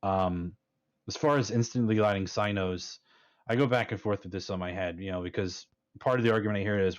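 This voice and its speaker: A man's voice: lowish voice, brisk, muffled recording. A man in a casual panel discussion, speaking emphatically and often checking in with "right?". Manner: emphatic, keeps adding "right?". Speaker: panel guest, fleet commander.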